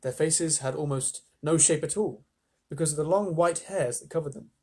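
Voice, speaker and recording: A man reading a children's storybook aloud to live listeners, animated, with chatty asides. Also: on the high side, moderate pace, breathy edge.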